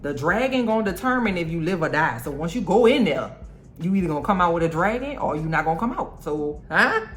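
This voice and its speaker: A woman's voice: on the low side, big pitch swings, a little fast, soft background music. Sex: woman. Figure: a woman putting on a scheming royal woman. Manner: chummy, blunt, talks in a lifted voice. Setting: recap vlog. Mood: coaxing. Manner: chummy, blunt, matter-of-fact. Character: scheming woman royal recruiting her cousin.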